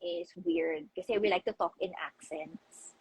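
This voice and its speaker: A Filipino woman chatting casually as co-host, soft-spoken and hesitant. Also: on the low side, fairly even intonation, measured pace, breathy edge, dry recording, low-quality recording. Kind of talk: casual chat.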